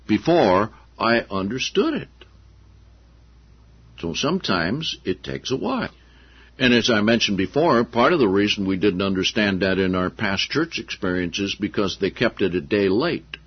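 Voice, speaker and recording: Husky animated male preacher, lo-fi. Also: fairly low pitch. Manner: animated storytelling, acting out quotes. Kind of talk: sermon. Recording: dull lo-fi sound.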